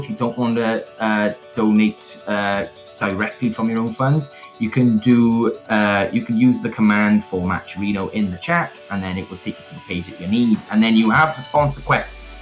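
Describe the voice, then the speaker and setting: A man with a Welsh accent casting an online fighting game tournament from home, chatting playfully and hyping up the viewers. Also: on the low side. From South Wales. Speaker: tournament caster. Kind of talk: casual live stream commentary. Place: home, indoors.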